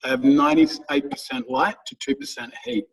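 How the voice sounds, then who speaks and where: A man's voice: medium pitch, huge pitch swings, moderate pace, husky, distant mic, low-quality recording. A man in his thirties, co-hosting a podcast, who rambles through casual stories and swears freely. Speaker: podcast co-host. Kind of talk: casual chat.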